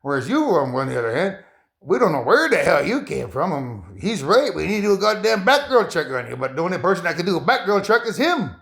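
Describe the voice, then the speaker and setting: Rambly guy talking to camera, laughs a lot, voice jumps all over, kinda high. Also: a little fast, creaky. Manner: excitable, laughs often, rising into high bursts. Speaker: vlogger. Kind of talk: rambling casual monologue to viewers.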